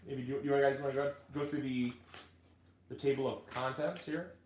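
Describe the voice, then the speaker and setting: A man hosting a casual gardening video, chatting in a halting way with many restarts. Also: medium pitch, fairly even intonation, darkish tone, echoey room, slight background noise. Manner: chatty, halting restarts, gets choked up reading. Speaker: gardening channel host and author. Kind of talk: casual live video chat.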